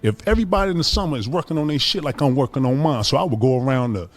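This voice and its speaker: A man, a former basketball player, telling stories in casual chat, animated and acting out the voices of others with profane slang. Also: medium pitch, rapid-fire. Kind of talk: casual storytelling on a podcast.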